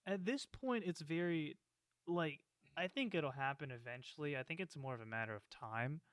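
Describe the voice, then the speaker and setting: A man's voice: on the high side, normal speed, a bit bright, smooth, dry recording. A young man co-hosting a podcast in casual chat, laughing along with short reactions. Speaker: podcast co-host.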